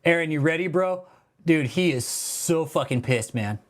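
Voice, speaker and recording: A man's voice: a little high, animated, moderate pace. A man hosting a casual livestream, talking in a profane, mocking way, laughing and calling people bro. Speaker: livestream host.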